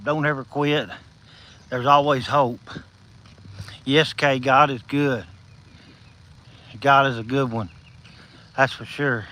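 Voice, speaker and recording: A man's voice: mid-range voice, sharp tone, low-quality recording. A Southern-accented man, a little out of breath and slightly slurring without his top teeth, chatting folksily to his live-stream viewers while walking outdoors at night. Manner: folksy, encouraging, talks to viewers by name. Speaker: livestream host. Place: outdoors at night, insects behind.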